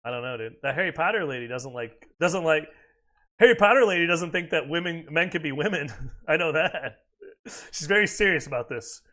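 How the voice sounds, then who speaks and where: His voice sits on the high side, pushed and bright, with lively intonation and a slightly fast delivery. This American streamer chats casually and swears a lot, rambling between reactions to the video game he's playing.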